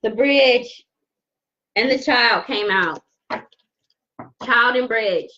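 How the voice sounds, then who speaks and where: A woman's voice: fairly high pitch, drawn-out words, sharp tone, lo-fi sound. A woman giving a live-streamed tarot reading, effusive and repeating phrases for emphasis. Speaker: tarot reader.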